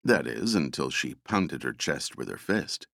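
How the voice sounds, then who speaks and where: A man narrating an action novel as an audiobook, dramatic and expressive. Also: rumbling low, a little slow, gravelly, dry recording, clean studio sound. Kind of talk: scripted narration.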